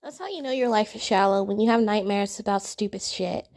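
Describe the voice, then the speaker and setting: A woman's voice: mid-range voice, a little fast, a little mellow. A woman hosting a reaction video, commenting in a profane, exasperated and mocking way.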